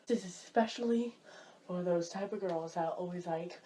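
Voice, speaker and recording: A young woman vlogger rants casually through a list of everyday pet peeves, sounding chatty and exasperated and saying "like" constantly. Her voice is fairly low-pitched and mellow, at a normal speed.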